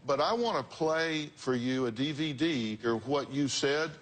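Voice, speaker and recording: A man's voice: medium pitch, expressive, measured pace. A man hosting a talk show, giving blunt, direct advice to guests in a lecturing way.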